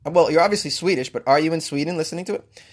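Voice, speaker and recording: In a casual comedic monologue, a podcast host riffs in a jokey, rambling way, tossing in self-mocking asides. His voice is a little high and his delivery is rapid-fire.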